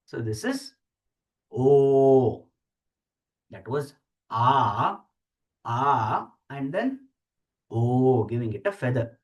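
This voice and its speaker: A teacher slowly explaining letters and sounding each one out for the class. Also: medium pitch, big pitch swings, muffled recording. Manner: slow, deliberate, repeats sounds aloud for practice. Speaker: Sanskrit teacher. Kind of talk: explaining script while writing letters.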